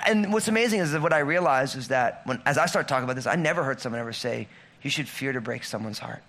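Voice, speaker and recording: A man in his thirties preaching a sermon, conversational, swinging between loud emphatic lines and low quiet ones. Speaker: pastor.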